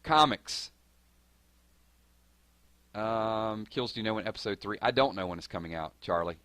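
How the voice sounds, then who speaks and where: Southern guy from georgia on a live stream, low but bright punchy voice, talks fast, dry close sound. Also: dry recording. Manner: fast-talking, excitable, answers chat. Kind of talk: casual live-stream chat.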